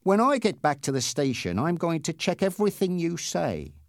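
A heavy, red-faced motorcycle policeman, as a male narrator puts him on, with a slow, soft, sarcastic drawl that can snap into loud, high barking. The pitch swings widely through his lines, and the read is dry and close. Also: sing-song, no room sound. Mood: severe. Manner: soft sarcastic taunting that bursts into loud shouting. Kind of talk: audiobook character reading.

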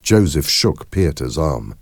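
A man narrating a storybook in a slow, expressive way. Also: a bass voice, creaky, breathy edge, no echo, studio quality. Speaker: audiobook narrator.

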